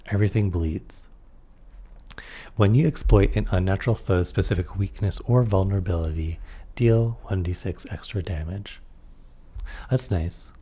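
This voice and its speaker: A man's voice: deep voice, moderate pace, long pauses, mellow, breathy edge. A man reading aloud through a tabletop game rulebook and adding casual comments on the rules. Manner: reads rules aloud, then comments offhandedly.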